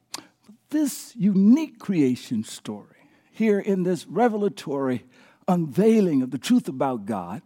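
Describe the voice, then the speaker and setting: A man preaching a live sermon as pastor, emphatic, calling on the congregation to answer back and swinging between near-shouts and hushed lines. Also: fairly high pitch. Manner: engages the congregation with call-and-response prompts.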